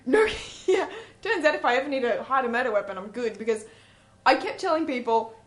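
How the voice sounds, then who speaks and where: A chatty woman with a slightly high voice co-hosts a late-night radio show. She tells stories in a loose, casual way, laughs a lot and breaks into little acted-out quotes. Her voice is close on a studio microphone. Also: expressive, a little fast. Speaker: radio co-host.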